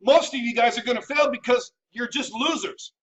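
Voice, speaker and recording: A brash man with a very high, bright, forceful voice rants bluntly about failure and laziness, mocking and joking. He sounds set back from the mic, on a dull lo-fi recording. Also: moderate pace, distant mic. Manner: brash, mocking, jokey put-on accent. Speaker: host. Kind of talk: blunt motivational rant. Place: home office.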